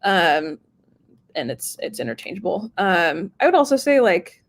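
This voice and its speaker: A woman sales executive in casual interview chat, animated, laughing often and acting out quoted phone calls. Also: on the low side, measured pace.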